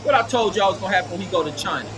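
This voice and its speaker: A man giving loud, mocking, profane commentary over news footage, scornful and quick to laugh. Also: high voice, lively intonation, a crowd in the background.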